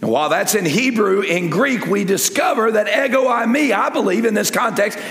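Animated older male preacher in a hall. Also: high voice, moderate pace, vocal fry. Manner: animated, swings from quiet to loud emphasis. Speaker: pastor. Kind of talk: sermon. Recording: echoey hall with long reverb.

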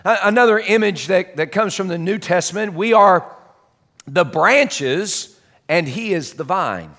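A man with a slightly higher voice gives a relaxed, folksy sermon, breaking off for chatty asides. His voice rings out with a long reverb from the church hall around him. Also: a little slow. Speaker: pastor. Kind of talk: conversational sermon. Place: church sanctuary.

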